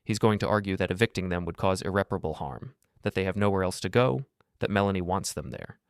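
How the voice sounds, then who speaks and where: A man voicing a calm, capable male lawyer in a story, brisk and reassuring. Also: sits low, clear, resonant tone, dry recording, clean studio sound. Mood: businesslike.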